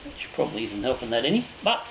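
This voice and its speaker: A man with a mid-range voice talks fast and creaky, his pitch swinging widely. As host of his own home-brewing channel, he draws raffle winners and chats casually, joking, swearing freely, and trailing off before restarting. His room echoes and is noticeably noisy.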